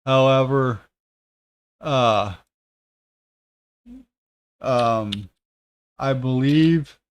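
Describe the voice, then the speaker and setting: A man in his thirties, a tech content creator, chatting casually on a livestream with many pauses, fillers and restarts. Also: medium pitch, a little hiss or hum.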